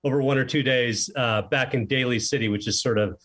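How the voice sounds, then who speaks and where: A man being interviewed as a film director, telling stories in a casual, animated way and acting out the lines he quotes. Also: mid-range voice, a little fast, faint music behind. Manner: animated storyteller who acts out quoted lines.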